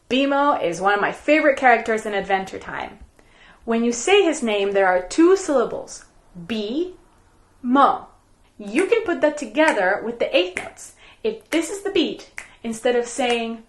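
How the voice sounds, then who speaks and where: A woman teaching a recorded music lesson for young children, counting beats and speaking rhythm syllables in a slow, clear, patient way. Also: fairly high pitch. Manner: slow, clear, patient classroom delivery with counted clapping chants.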